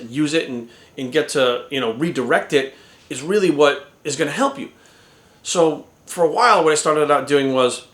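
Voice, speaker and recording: A man in his forties talks casually and bluntly, swearing freely and checking in with a constant "right?". His voice sits a little high for a man. The room around him rings with echo. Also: a bit bright. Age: 40s. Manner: blunt, profane, repeats "right?". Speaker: fitness coach. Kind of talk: casual motivational talk to camera. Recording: echoey room.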